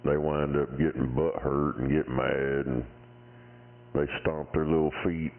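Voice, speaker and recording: A man, taunting and swearing in gruff banter over the CB radio. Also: rumbling low, little pitch movement, measured pace. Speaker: CB radio talker. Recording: tinny radio transmission with faint noise.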